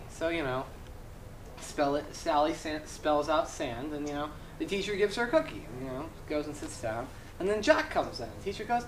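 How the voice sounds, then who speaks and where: A man telling jokes in a rambling, halting way, full of "you know", recorded by a distant camera mic. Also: fairly high pitch, expressive. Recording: echoey, distant camera mic, noisy background.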